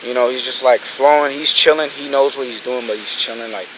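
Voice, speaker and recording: A man in his twenties giving a casual, energetic motivational talk about business, swearing freely and acting out his friends' words. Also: mid-range voice, a little fast, background noise. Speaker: business coach vlogger.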